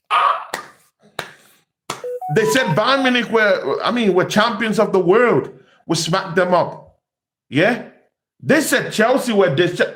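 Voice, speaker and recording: A man giving an animated football fan rant, excitable and taunting, often repeating his words. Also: high voice. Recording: echoey room.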